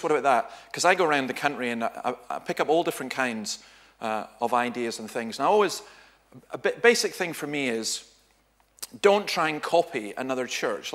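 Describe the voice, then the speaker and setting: A guest speaker with a Scottish accent gives an informal teaching talk at a church. His mid-range voice is a bit bright, and he tells humorous stories conversationally, often correcting himself mid-sentence.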